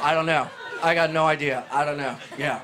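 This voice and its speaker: A man performing a live stand-up set, loud and profane, talking to the crowd and breaking into shrieking bits. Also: a little high, fairly even intonation, brisk. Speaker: stand-up comedian. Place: comedy club with live audience. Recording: noisy live club recording.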